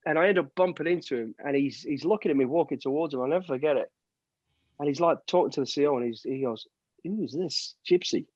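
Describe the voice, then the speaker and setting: This interview guest, an ex-soldier, speaks quickly in a fairly high, slightly mellow voice while recounting army tales over a video call through earbuds. He voices the people in his stories and swears casually, and the dull, dry audio has no room sound.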